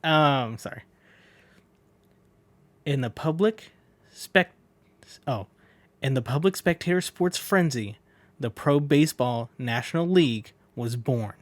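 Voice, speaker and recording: A man's voice: mid-range voice, animated, takes it slowly, pauses often, no room sound. Chatty man reading a manga aloud. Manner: chatty, self-correcting, laughs at own slips. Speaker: manga reader. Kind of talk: casual manga read-along with commentary.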